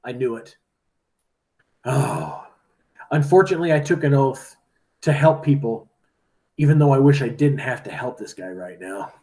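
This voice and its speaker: Cool, proper gentleman doctor, stern and unflappable, read by a man. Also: medium pitch, moderate pace, pauses often, close to an everyday voice. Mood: dry. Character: calm, stern male doctor, dignified and unflappable.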